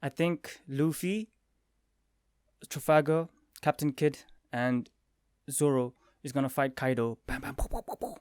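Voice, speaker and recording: A young man casually reviewing the latest comic chapter, excitedly retelling scenes with quick quoted lines and sound effects. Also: mid-range voice, smooth, no echo. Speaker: manga review vlogger.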